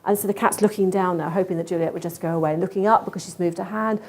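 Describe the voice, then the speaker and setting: A woman speaks at a conference in a mellow, warm voice. She talks in a lively, expressive way and often acts out what an animal might be thinking. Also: medium pitch, fast, few pauses. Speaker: conference speaker on cat behaviour. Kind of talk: conference talk.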